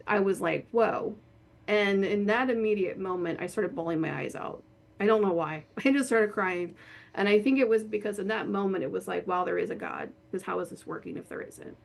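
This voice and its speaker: A woman guest telling a personal story in a casual, animated way, laughing often and saying "like" a lot. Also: medium pitch, gravelly. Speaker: guest, horror author and spirit board practitioner.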